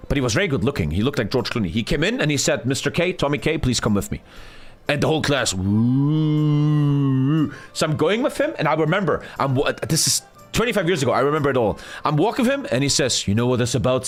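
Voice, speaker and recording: A man tells a story on a live gaming stream. His voice sits fairly high and swoops up and down as he talks. He swears casually and acts out what others said, with faint game music underneath. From Germany. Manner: animated, profane, retelling with acted-out quotes.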